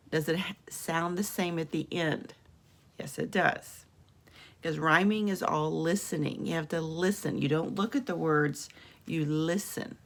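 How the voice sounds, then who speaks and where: In a lowish, gravelly voice, a female teacher patiently walks through phonics in a home video from her room, carefully sounding out each letter and word.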